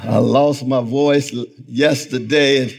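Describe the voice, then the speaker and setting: A middle-aged man giving a public lecture to a live audience in an event hall, speaking with a rhythmic, sermon-like cadence that swells toward near-shouting as he calls out to the crowd. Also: medium pitch, fairly even intonation, slow pace, gravelly, breathy edge. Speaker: guest lecturer.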